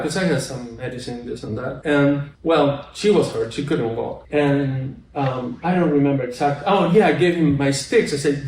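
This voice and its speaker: A man shares pilgrimage stories in a relaxed, animated way, laughing and voicing the people he met. His voice sits a bit high. The sound is roomy and he is set back from the mic. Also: recorded from a distance. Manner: animated, laughing, acting out quotes. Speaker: pilgrim sharing his experience. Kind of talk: casual storytelling with photos.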